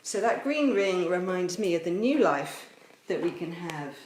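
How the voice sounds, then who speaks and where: In a lowish, darkish voice, this woman speaks expressively and without hurrying. She leads a children's chapel assembly from home, explaining games step by step with cheerful playfulness, indoors and out on a garden course. A helper films from afar, leaving the home video echoey, distant and faintly noisy.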